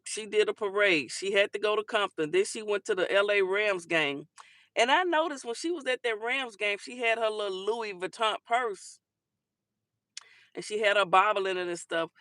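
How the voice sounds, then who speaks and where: A woman's voice: mid-range voice, moderate pace, fairly bright tone, no room sound, studio quality. A woman hosting a casual talk show, chatting and giving sassy commentary on viral clips, calling listeners honey and baby.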